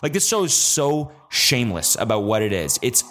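A young man hosting a casual solo podcast, ranting with swearing and sudden high, exasperated outbursts. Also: sing-song, normal speed, fairly bright tone, slight background noise. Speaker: podcast host. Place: traveling abroad, recording while away.

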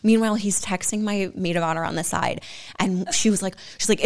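A woman's voice: mid-range voice, fairly even intonation, fairly quick. A young woman telling a story in casual chat, full of "like" and acting out what others said. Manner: chatty, lots of "like", acts out quotes in whispers. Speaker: guest.

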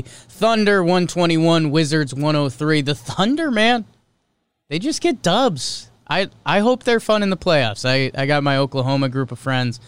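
A man with a smooth, resonant voice hosts a laid-back sports podcast. He reads scores in short, clipped bursts and tosses in casual, offhand remarks. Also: on the high side, fairly bright tone. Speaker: podcast host.

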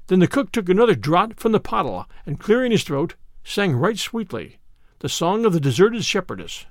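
Expressive male storybook narrator. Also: sits high, normal speed, no room sound, studio quality. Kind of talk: storybook reading.

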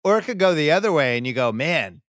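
A man hosting a podcast, chatting casually about sports and acting out quotes in sudden high bursts. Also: expressive, rapid-fire, smooth, no echo, clean studio sound. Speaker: podcast host.

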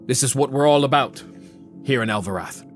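A man's voice: mid-range voice, fairly quick, faint music behind, close to an everyday voice. A man voicing a hospitable, proud middle-aged king who welcomes guests in a courtly way, in a tabletop game. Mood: welcoming.

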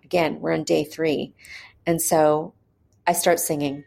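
A woman with a low voice tells a personal story in a candid, earnest way. She pauses often and fills gaps with small hesitations, so it sounds unscripted. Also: level tone, vocal fry, darkish tone. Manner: hesitant, with frequent pauses and fillers. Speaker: mother telling her birth story.

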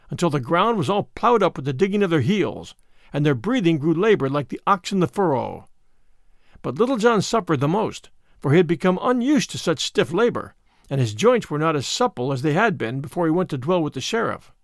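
Animated male storybook narrator. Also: on the high side, fairly quick, no room sound, studio quality. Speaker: audiobook reader.

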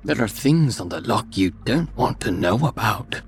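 A man voicing a wary old rural Scottish woman with a quiet, warning manner, in a spoken story. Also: lowish voice, lively intonation, moderate pace, soft background music, pitched above the performer's own voice.

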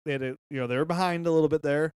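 A man co-hosting a podcast, chatting about football in a lively, joking, excitable way. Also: a little high, racing, clear, resonant tone, no room sound, clean studio sound. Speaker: podcast co-host. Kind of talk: casual sports chat.

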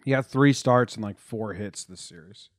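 A young man co-hosting a podcast, joking and telling animated stories about a baseball game. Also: on the low side, normal speed, dry recording, clean studio sound. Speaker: podcast co-host. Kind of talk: casual sports chat.

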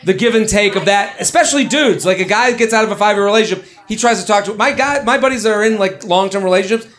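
A man hosting a live comedy advice show on a club stage, riffing in quick, joking, rambling bursts. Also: high-pitched, fairly bright tone. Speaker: comedy podcast host. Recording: live audience crowd noise. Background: audience laughter.

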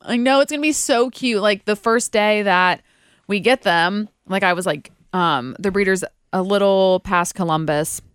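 A young adult woman co-hosting a podcast in casual chat, gushing and quick to exclaim. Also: mid-range voice, smooth, no room sound, studio quality. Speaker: podcast co-host.

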